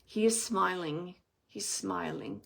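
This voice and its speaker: A woman giving a live spirit reading to an audience member, speaking gently and wandering through her impressions with soft asides. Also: lowish voice, big pitch swings, slow, vocal fry, slightly rough. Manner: gentle, meandering, relays messages with soft asides.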